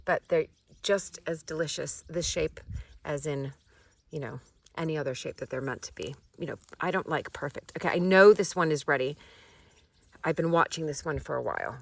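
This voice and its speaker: Chatty, low-voiced American woman vlogging. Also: moderate pace, gravelly, no echo. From United States. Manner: chatty, excitable, talks to viewers while walking a garden. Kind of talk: casual vlog narration. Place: outdoors in a kitchen garden.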